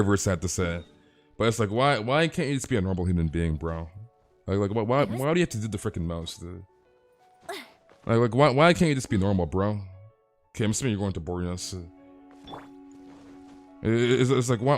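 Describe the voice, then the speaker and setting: A man chatting casually on a live game stream, ranting animatedly and peppering his talk with "freaking" and "dude". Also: fairly low pitch.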